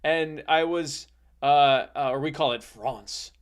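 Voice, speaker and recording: A man hosting a comedy podcast, telling an improvised tall tale in a rambling, deadpan way with many restarts. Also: a little high, unhurried, clear, resonant tone. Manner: rambling, deadpan, self-correcting. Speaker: podcast host.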